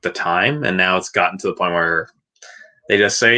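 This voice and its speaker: A man with a lowish but bright, forward voice chats loosely about films and TV on a livestream. He rambles, restarts sentences and laughs between points. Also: moderate pace. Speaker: podcast co-host. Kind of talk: casual livestream chat.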